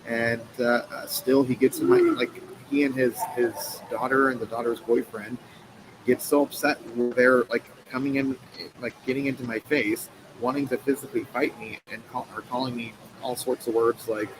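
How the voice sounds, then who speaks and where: Earnest middle-pitched man, guest on a live stream, halting delivery, noisy audio. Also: animated. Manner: earnest, halting with many fillers and restarts. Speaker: guest, company co-founder and president. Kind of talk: conversational storytelling interview answer. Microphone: live stream mic.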